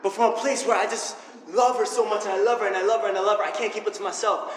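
A young man preaching a sermon full of personal stories, energetic and animated, laughing often. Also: high-pitched, racing, a little hiss or hum. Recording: echoey hall with faint ambience.

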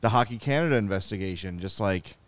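Male talk-show host, smooth clear voice, exasperated animated rants. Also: on the low side, fast, no room sound. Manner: animated, exasperated ranting with asides. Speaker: podcast host. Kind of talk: casual sports talk show chat.

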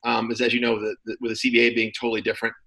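Bright-voiced man telling stories easily. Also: mid-range voice, racing, poor audio. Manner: relaxed storyteller, many fillers and restarts. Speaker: guest, former football player. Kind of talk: casual interview chat.

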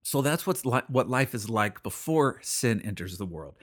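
A man's voice: mid-range voice, lively intonation, moderate pace. A man hosting a radio show, preaching in an earnest, conversational way and often repeating his phrases. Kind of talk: radio sermon.

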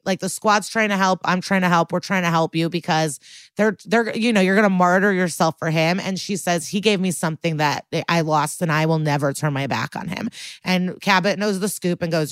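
A woman co-hosting a podcast, recapping an episode in casual chat, animated and blunt, swearing freely with lots of likes and ums. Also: lowish voice, no echo. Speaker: podcast co-host.

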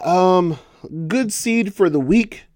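A man talks through a wrestling show in a loose, sarcastic way, sighing with exasperation and acting out what others said. His voice sits a little high. The sound is dry and close, with no room around it. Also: takes it slowly, dry recording. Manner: exasperated, sarcastic, animated storytelling. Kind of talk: casual opinion commentary.

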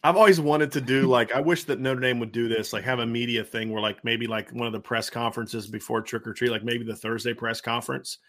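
Fast-talking man with a Savannah accent. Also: mid-range voice. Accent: Savannah, Georgia. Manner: excitable, rambling, repeats phrases. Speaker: podcast host. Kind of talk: casual sports podcast chat.

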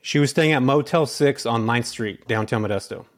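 A man talking casually as an interview guest, a chatty storyteller from California. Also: mid-range voice. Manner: fast, chatty storyteller with many fillers. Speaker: guest, real estate investor.

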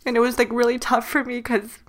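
A woman's voice: fairly high pitch, little pitch movement, quick pace. A woman in her late twenties, a podcast host, telling a painful family memory in casual chat, close to tears and full of "like" fillers. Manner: emotional, tearful storytelling with many "like" fillers.

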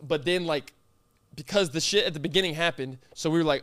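A man's voice: fairly high pitch, a little fast, fairly bright tone, no room sound. A young man co-hosting a podcast, animatedly telling a funny story, swearing and breaking into laughter. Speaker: podcast co-host. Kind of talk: casual storytelling chat.

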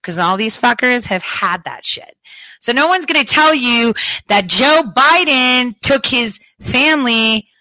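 A woman hosting a casual commentary show, her voice bright and forward. She talks in a sarcastic, blunt way, keeps cracking up, and swears freely. The recording is dry and close. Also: on the high side, lively intonation, unhurried, no echo, poor audio. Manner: giggly, keeps breaking into laughter.

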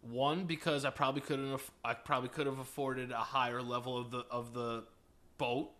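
A man co-hosting a comedy podcast at an ordinary middle pitch. He swears freely and pushes every claim to an extreme. The delivery is emphatic and casual, built for comic banter. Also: little pitch movement, normal speed, a bit bright. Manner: profane, emphatic, exaggerating. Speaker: podcast co-host.

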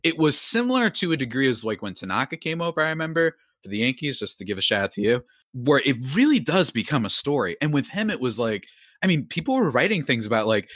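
A young man talking sports on a podcast, rambling through his points with constant asides and self-corrections. His voice sits at an ordinary middle pitch and sounds close and dry, with no room around it. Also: fast talker, no room sound. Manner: rambling, animated, self-interrupting. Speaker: podcast host. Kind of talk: casual sports talk.

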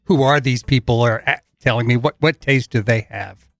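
A man's voice: medium pitch, normal speed, vocal fry, dry recording. A middle-aged man co-hosting a casual podcast, rambling and dropping joking asides, on a close studio mic. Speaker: podcast co-host.

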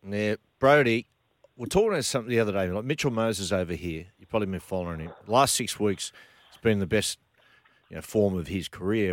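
A man's voice: lowish voice, no room sound, clean studio sound. A man hosting a breakfast radio show, chatting in a blokey, joking way. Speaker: radio host.

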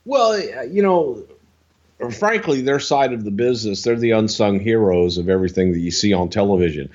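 Animated storytelling man, lively pitch. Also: normal speed, muffled recording. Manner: animated, swears freely, jumps into high-pitched impressions and singing. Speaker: podcast co-host telling stories. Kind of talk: casual storytelling with impressions.

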